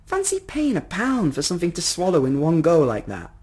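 A man's voice: a little high, huge pitch swings, fairly quick, darkish tone, husky, pitched above the performer's own voice, heavily acted. A man playing a stern suspicious mother.

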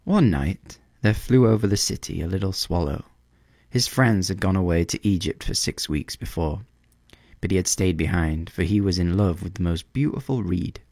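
A man narrating a storybook in a measured, expressive reading voice. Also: deep voice, dry recording, studio quality.

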